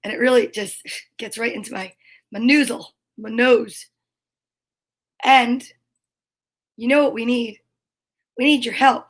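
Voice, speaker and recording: High-voiced woman hosting a kids' show. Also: steady tone, a little slow, pauses often. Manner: cheerful, goofy, reads out long lists of names. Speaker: host of a kids' story time show. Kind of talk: casual chat to children.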